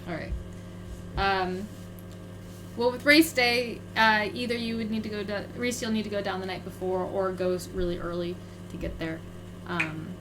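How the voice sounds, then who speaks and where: A woman's voice: mid-range voice, fairly even intonation, moderate pace, noisy background. A woman running a tabletop game as game master, talking casually with many fillers. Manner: hesitant, filler-heavy.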